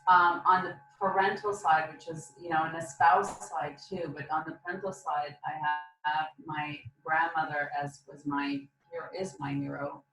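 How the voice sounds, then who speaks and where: A woman's voice: deep voice, level tone, moderate pace, few pauses, over music. A woman guest in a casual podcast interview, speaking thoughtfully in a loose, reflective way. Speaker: interview guest, marketing manager. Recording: echoey, distant, faint background noise.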